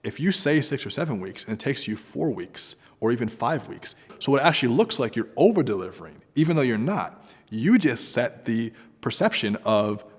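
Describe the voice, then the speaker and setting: A man giving freelancing advice straight to the camera, talking in a direct, conversational way that turns animated. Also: medium pitch, normal speed, slightly rough, long reverb tail. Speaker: entrepreneur guest giving advice.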